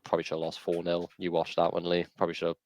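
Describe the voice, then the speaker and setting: A man's voice: low voice, completely flat delivery, rapid-fire, a little mellow. A man co-hosting a casual podcast over a video call, rambling and opinionated with frequent restarts. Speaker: podcast co-host.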